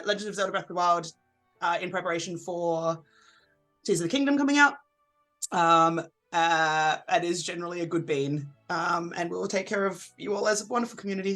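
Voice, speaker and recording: Stream co-host, casual end-of-stream chat, bright voice, rambling with fillers. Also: medium pitch, normal speed, faint music behind. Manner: rambling, with many fillers and restarts.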